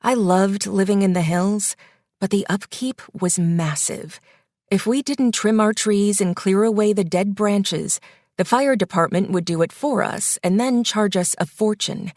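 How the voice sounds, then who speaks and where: A woman's voice: medium pitch, a little slow, a little mellow, no room sound, clean studio sound. Woman narrating a first-person audiobook.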